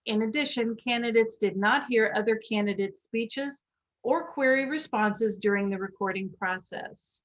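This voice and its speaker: A woman's voice: on the high side, normal speed, fairly bright tone, low-quality recording. A woman reading a formal script explaining election procedures. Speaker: announcer.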